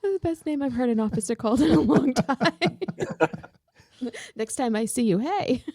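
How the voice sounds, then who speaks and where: A woman co-host teases the guest and laughs along, her voice full of gravelly fry at a mid pitch. The sound is close and dry. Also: animated, normal speed, darkish tone, no echo. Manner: teasing, laughing. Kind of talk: casual chat.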